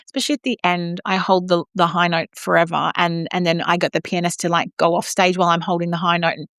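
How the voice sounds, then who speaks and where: A middle-aged Australian woman co-hosting a podcast, telling backstage stories in an animated, blunt way. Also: lowish voice, fast, dry recording, studio quality. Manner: animated storyteller, mimics voices, swears freely. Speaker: podcast co-host. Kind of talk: casual chat.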